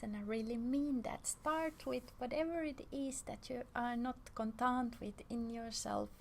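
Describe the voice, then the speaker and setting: A young woman speaks softly in a personal self-help video, often easing into a hushed, breathy half-whisper. Her voice sits a little high and carries a light gravelly fry. A faint hiss runs underneath. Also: moderate pace, hardly any pauses.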